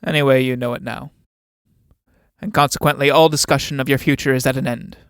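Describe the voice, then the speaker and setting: A man reading a play aloud, playing an older, domineering military captain who speaks in a measured, condescending, commanding way. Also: medium pitch, steady tone, clear, resonant tone, no echo, studio quality, lightly acted.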